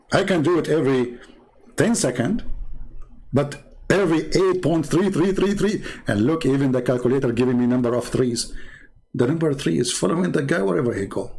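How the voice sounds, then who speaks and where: A man giving sarcastic commentary while reading from a website on screen, swinging between low mutters and high mocking exclamations. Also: darkish tone, poor audio. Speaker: religious debater.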